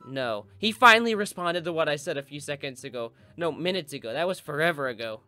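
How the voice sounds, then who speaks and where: A man's voice: fairly high pitch, lively intonation, fast talker, few pauses, pushed and bright. A young man giving comedic, sarcastic commentary over his own gameplay with goofy mock-villain asides. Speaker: gaming video host.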